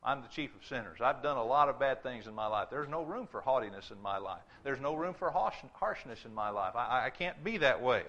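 Emphatic preacher man, bright voice. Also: medium pitch, expressive, fairly quick, few pauses. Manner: emphatic, repeats words and restarts when stressing a point. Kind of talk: sermon. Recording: dull lo-fi sermon recording.

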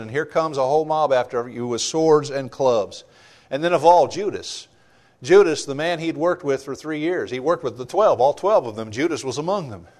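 A man preaching a sermon, explaining a Bible passage earnestly and repeating rhetorical questions. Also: a little high. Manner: reads scripture aloud with emphasis.

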